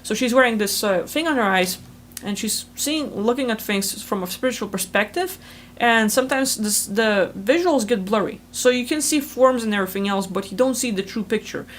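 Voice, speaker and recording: Fast-talking woman rambling casually. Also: a little high, animated, slight background noise. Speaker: spiritual channel host. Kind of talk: casual explanatory monologue. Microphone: video call recording.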